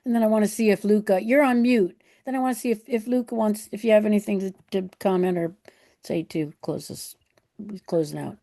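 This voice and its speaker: A woman's voice: medium pitch, mellow. A woman hosting a webinar Q&A on a video call, handing the floor around and apologizing now and then. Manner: apologetic, quick to hand over the floor. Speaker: host and moderator. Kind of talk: moderating a webinar Q&A.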